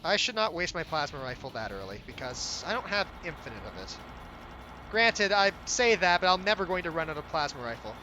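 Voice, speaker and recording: A young man giving casual gameplay commentary as the game's developer, relaxed and self-deprecating, often restarting his sentences. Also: fairly high pitch, a little fast, slight background noise. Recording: game music playing faintly behind.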